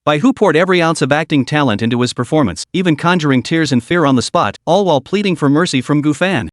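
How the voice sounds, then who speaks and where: Lively man narrating a comic recap. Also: fairly high pitch, fast, dry recording, studio quality. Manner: steady dramatic storytelling.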